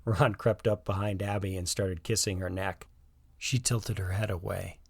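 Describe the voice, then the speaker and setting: A man narrating a scripted story in a calm, even manner. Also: low-pitched, normal speed, gravelly, husky, no echo.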